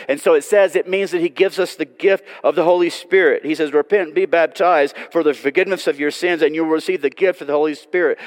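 Man, pastor giving a Sunday sermon, earnest pleading delivery, long church reverb. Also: on the high side. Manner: pleading, earnest, swings from loud to hushed. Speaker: preacher. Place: church sanctuary.

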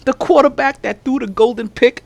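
A man hosting a casual sports podcast, animated and laughing, trash-talking over a call. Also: extremely high pitch, normal speed, creaky, crowd noise. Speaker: podcast host.

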